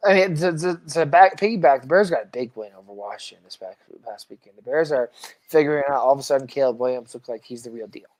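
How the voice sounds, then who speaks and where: A woman's voice: a bass voice, lively intonation, a little mellow. Chatty woman rattling off sports talk. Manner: rapid list-reading with stumbles and repeats. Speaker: podcast co-host. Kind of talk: casual sports chat.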